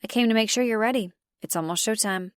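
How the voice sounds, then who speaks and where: A woman's voice: on the high side, fast, no echo, clean studio sound, close to an everyday voice. A woman reading an audiobook, voicing a bubbly young woman with a Southern US twang. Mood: reassuring.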